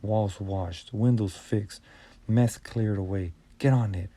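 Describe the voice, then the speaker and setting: A man voicing a gruff, bossy male team leader who scolds and shouts at his workers. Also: fairly low pitch, steady tone, slow. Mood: stern scolding.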